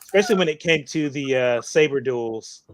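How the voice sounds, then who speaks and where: A man co-hosting a casual fan discussion, halting with many fillers as he gathers his thoughts. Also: medium pitch, lively intonation. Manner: hesitant, many uh fillers and restarts. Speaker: co-host.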